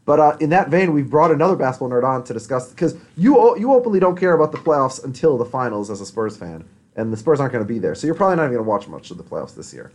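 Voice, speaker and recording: Male podcast host, rapid lively delivery, laughs easily. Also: medium pitch. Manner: fast, animated, laughs a lot. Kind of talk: casual chat.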